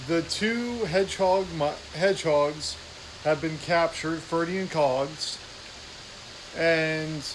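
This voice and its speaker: A man chatting casually and then narrating a novel aloud, relaxed with small self-corrections. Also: fairly high pitch, noisy background. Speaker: audiobook reader. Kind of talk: casual chat and story narration.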